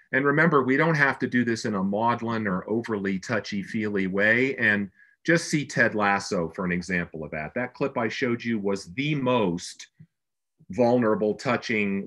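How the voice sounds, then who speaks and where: A man's voice: fairly low pitch, a bit bright. A man presenting a business webinar as a brand consultant, speaking in an earnest, conversational way with emphatic stresses.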